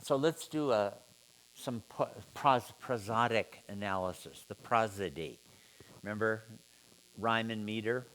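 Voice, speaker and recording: A man leading an informal seminar, musing aloud and putting questions to his students in a relaxed way. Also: lowish voice, slow, pauses often, slight background noise. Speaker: seminar teacher.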